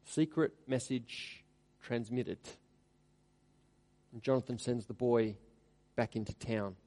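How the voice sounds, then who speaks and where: A man preaching an expository sermon, reading scripture aloud with rising emphasis and then dropping to quiet asides. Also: medium pitch, fairly even intonation, slow. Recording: long hall reverb.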